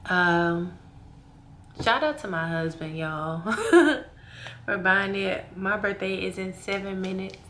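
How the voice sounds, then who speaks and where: A woman in her late twenties talks straight into her camera in a personal vlog, earnest and close to tears. Her voice is bright and forward, with a faint hiss of room noise under it. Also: medium pitch, slow pace. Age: 20s. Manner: emotional, speaking through tears; heartfelt and earnest. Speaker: vlogger.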